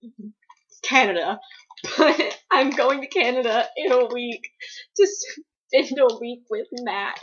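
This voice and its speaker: On her casual vlog, this young East Coast woman works through questions from viewers in a slightly high, animated voice that's fairly bright, a little breathy and husky, and a touch slow. Her answers wander, are peppered with "like," and turn self-deprecating, captured on a flat, lo-fi home setup.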